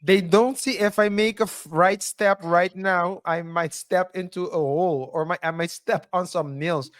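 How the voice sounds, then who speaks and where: A man co-hosting a casual commentary podcast, speaking haltingly, restarting sentences and chuckling often. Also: high-pitched, fairly even intonation. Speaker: podcast co-host.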